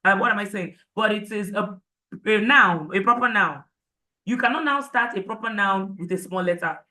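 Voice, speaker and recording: A woman's voice: mid-range voice, moderate pace, pushed and bright, rough recording. A woman teaching an IELTS prep class, repeating points emphatically and asking the students rhetorical questions. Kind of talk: live online class lecture.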